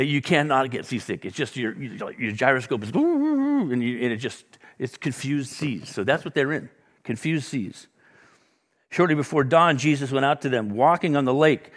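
A middle-aged man preaching a sermon, acting out the dialogue with sudden loud bursts and soft drops. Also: medium pitch. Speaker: pastor.

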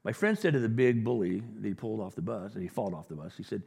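A man's voice: lowish voice, lively intonation, quick pace, vocal fry, a little mellow, slightly rough. A male pastor giving a sermon, telling stories in a conversational way and rising to emphatic points. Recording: reverberant hall.

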